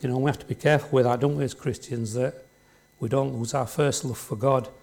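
A man's voice: medium pitch, steady tone, brisk, gravelly, darkish tone. A man preaching a sermon in a church, talking conversationally and often checking in with the congregation through tag questions.

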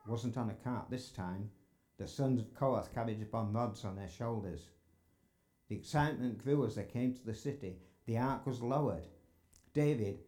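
A man's voice: mid-range voice, warm tone. A man preaching a sermon in a church sanctuary, earnest and building to emphatic exclamations.

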